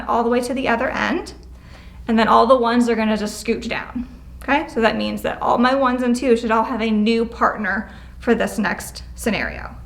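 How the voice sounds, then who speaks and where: Brisk, upbeat woman teaching a class. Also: a little high, a bit bright. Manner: brisk, encouraging, gives clear step-by-step directions; acts out example phrases with changing tone. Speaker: prevention educator leading a class. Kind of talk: classroom instruction. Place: school classroom, indoors.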